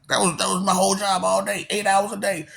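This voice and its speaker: Man, rambling monologue, laughs a lot, profane, loud then muttering. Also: high voice, level tone, a little fast, gravelly. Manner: makes mouth sound effects. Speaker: monologue host.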